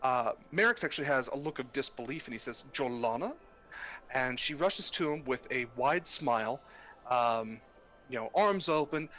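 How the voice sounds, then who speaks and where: A man narrating a tabletop game as game master, halting with many fillers. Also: mid-range voice, pushed and bright.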